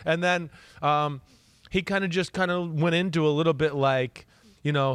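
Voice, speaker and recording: A man's voice: fairly high pitch, moderate pace, smooth, no echo. A man co-hosting a casual football talk show, telling stories and quoting players with many "right?" asides. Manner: animated storyteller, quotes players in his own voice, many "right?" asides. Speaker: podcast co-host and football analyst. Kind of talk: casual chat.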